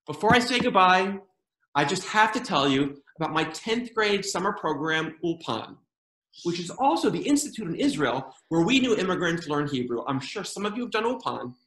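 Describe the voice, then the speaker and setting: A man performing a stand-up comedy routine, with lively delivery and funny voices for quoted people. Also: high voice, normal speed. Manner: animated joke-telling with funny put-on quoted voices. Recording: roomy echo.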